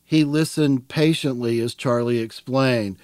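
A man narrating an audiobook in a plain, measured storytelling manner. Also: mid-range voice, darkish tone, no room sound, clean studio sound. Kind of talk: scripted narration.

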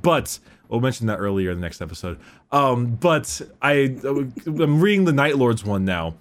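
A man's voice: mid-range voice, sing-song, normal speed. A man hosting a podcast, chatting casually and stumbling over names with laughs. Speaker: podcast host. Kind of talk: casual chat.

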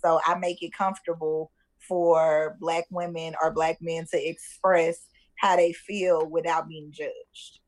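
A woman's voice: low-pitched, little pitch movement, measured pace. A woman from Dallas with a Southern accent, talking confidently and sassily as a podcast guest. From Dallas, Texas. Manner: confident, sassy. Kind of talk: casual podcast chat.

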